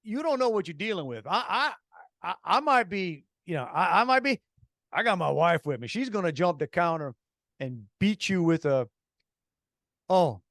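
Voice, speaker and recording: A man's voice: high-pitched, animated, normal speed, a bit bright, no room sound, clean studio sound. A man co-hosting a radio talk show, telling stories animatedly with heavy sarcasm and many restarts. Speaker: radio co-host. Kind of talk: casual radio chat.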